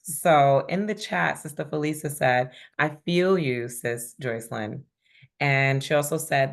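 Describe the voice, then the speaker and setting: A woman's voice: rumbling low, a little slow, creaky. A woman facilitating a spiritual group call, affirming members and reading chat comments aloud.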